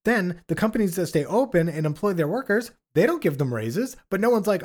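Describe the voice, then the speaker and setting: A man with a slightly high voice vents about politics in casual podcast talk. He leans on "like" constantly and mimics the people he criticizes. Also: animated, a little fast, hardly any pauses, darkish tone. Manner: indignant, lots of "like", acts out quotes. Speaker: podcast co-host.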